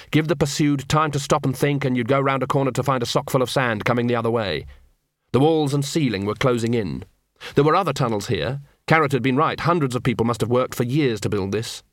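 A man narrating a story in a steady storytelling manner, lightly voicing the dialogue. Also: medium pitch, brisk, dry recording, studio quality. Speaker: audiobook narrator. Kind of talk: scripted narration.

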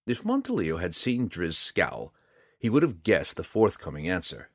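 Deep-voiced male audiobook narrator. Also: no room sound, studio quality. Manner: measured, expressive storytelling. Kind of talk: scripted fantasy narration.

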